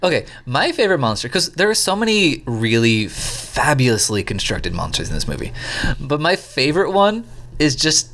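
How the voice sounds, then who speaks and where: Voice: mid-range voice, normal speed, a little hiss or hum. A co-host chatting casually and enthusiastically about favorite film characters. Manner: animated, enthusiastic. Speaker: podcast co-host. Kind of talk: casual podcast chat.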